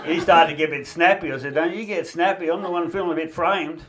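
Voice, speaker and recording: Aussie guy doing stand-up, bit high voice, cracks up at his own puns, noisy recording. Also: fairly even intonation, fast talker. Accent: Australian. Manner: punning, laughing at his own jokes. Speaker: stand-up comedian. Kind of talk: stand-up comedy routine.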